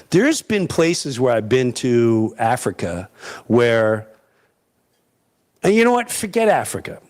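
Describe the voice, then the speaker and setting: A middle-aged man, from Long Island, giving an impassioned monologue that builds to loud, sarcastic rhetorical peaks. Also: mid-range voice, big pitch swings, unhurried. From Long Island, New York. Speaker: podcast speaker.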